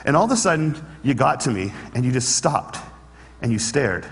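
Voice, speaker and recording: A man's voice: medium pitch, very animated, normal speed. A man giving a motivational talk to an audience, telling a story with humor and earnest conviction. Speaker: public speaker. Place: large hall with an audience. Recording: long hall reverb.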